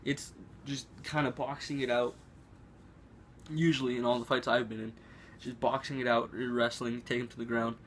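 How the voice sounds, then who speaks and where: A man's voice: medium pitch, level tone, normal speed, a little hiss or hum. A teenage boy telling a school story to camera in a casual, rambling way, with lots of fillers and restarts. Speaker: vlogger. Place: room at home.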